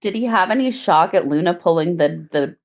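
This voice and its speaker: A woman playing in a tabletop game, asking quick rules questions and chatting apologetically. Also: on the low side, animated. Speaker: player. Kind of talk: casual chat during a tabletop game.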